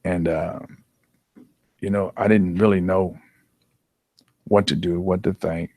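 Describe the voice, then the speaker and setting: Earnest man with a low, dry voice. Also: little pitch movement, a little mellow, no echo. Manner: earnest, halting with repeated restarts. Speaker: athletic trainer, guest. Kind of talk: emotional personal storytelling.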